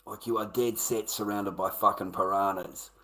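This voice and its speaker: A man's voice: fairly low pitch, fairly even intonation, moderate pace, sharp tone, poor audio. A man ranting bluntly and profanely at his live-stream chat. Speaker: livestreamer.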